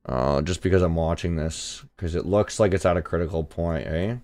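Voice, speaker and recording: A young man from Canada hosting a live trading stream, chatting casually, reading chat aloud and swearing when excited. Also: sits low, normal speed. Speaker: livestream trading host.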